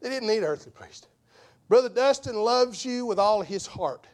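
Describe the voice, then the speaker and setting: A fiery male evangelist delivering a sermon in a high voice that leaps and dives all over. He drops to near-whispers, then builds to shouts, hammering key phrases again and again. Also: lively intonation, moderate pace. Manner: impassioned, swings from hushed to shouting; repeats phrases for emphasis. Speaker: evangelist preacher.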